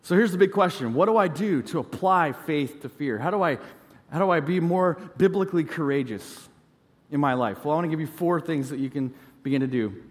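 A man's voice: on the high side, lively intonation, brisk, big-room sound. A male pastor in his thirties preaching a sermon in a conversational, storytelling way, mixing in self-deprecating humor.

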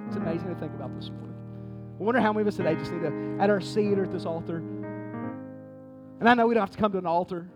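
Male pastor, fervent sermon delivery, high tenor, with piano and guitar music underneath. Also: quick pace, pauses often. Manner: builds from hushed pleading to loud fervent exhortation; repetitive preacher cadence, addresses the congregation directly.

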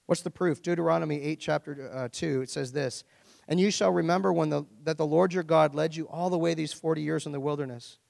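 A man's voice: a little high, vocal fry, a little mellow. A middle-aged man preaching a sermon as pastor, conversational and joking, full of rhetorical questions. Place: church. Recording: long church hall reverb.

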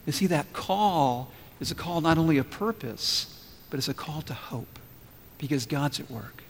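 A pastor with a slightly high voice preaches at a moderate pace, posing questions to the congregation and letting them answer as he tells a story. The recording carries the long reverb of a large room.

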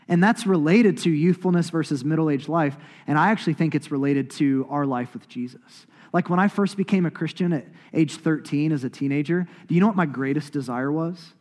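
A thirty-something male pastor preaches with a slightly high voice, rising to loud emphatic peaks and then falling to breathy whispers. His sermon rings out with a long reverb, as in a big church hall. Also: brisk, few pauses. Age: 30s.

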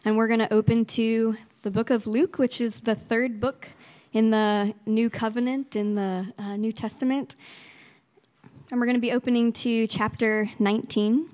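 A woman reading a Bible passage aloud to a church congregation in a steady, deliberate way. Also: a little high, no echo. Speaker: scripture reader.

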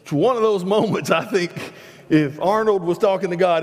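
A man's voice: high-pitched, animated, fairly quick, in a large hall. A man preaching a sermon in a church, conversational, stumbling over restarts and rising animatedly at key points. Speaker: pastor. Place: church sanctuary.

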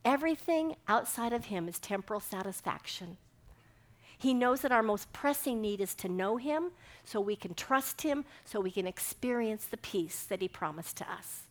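A middle-aged woman delivers a devotional sermon in a slightly high voice. She tells her stories with animation, acting out each line of the dialogue herself. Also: animated, normal speed. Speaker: speaker giving a devotional talk. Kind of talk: sermon with personal storytelling.

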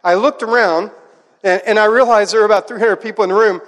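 Middle-aged male pastor, high voice, animated storyteller, big reverberant church sound. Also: fast talker. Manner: animated storytelling, acts out a child's voice in quotes. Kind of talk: sermon with personal stories. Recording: long hall reverb.

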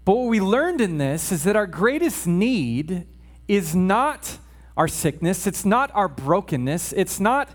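A man's voice: sits high, very animated, measured pace. A man preaching a casual sermon in church, chatty with joking asides and frequent check-ins with the congregation.

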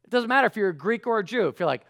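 A man in his thirties preaches a live sermon in a high, light voice. He talks casually with plenty of fillers and swings from hushed asides to sudden loud bursts. The sound is close and dry. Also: animated, racing, vocal fry, no room sound. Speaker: pastor.

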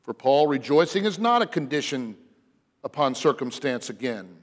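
A man preaching a sermon as pastor, earnest and emphatic, sometimes dropping to a hushed, soft delivery. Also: medium pitch, very animated, normal speed. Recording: long reverb of a large hall.

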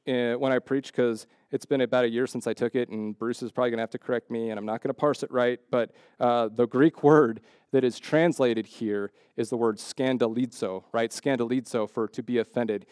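A man's voice: medium pitch, darkish tone, dry recording, clean studio sound. A man preaching a sermon in a conversational way, often checking in with "right?" and acting out the voices in the stories he tells. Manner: acts out quoted voices in the stories.

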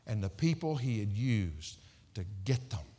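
A middle-aged male pastor preaching a sermon, emphatic and swinging from loud sarcastic peaks down to quiet low endings. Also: big pitch swings, a little slow. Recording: hall reverb.

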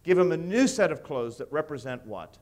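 A man with a somewhat higher voice delivers a sermon. His delivery is emphatic and builds to loud peaks on key phrases. He keeps putting questions to his listeners and then answers them himself. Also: sing-song, normal speed, background noise. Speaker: preacher. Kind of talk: expository sermon.

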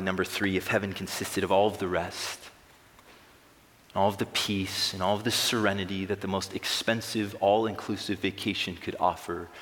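Low in pitch but fairly bright in tone, this young man delivers a sermon with rising force on important lines. The big room's long reverb gives the recording a strong hall echo.

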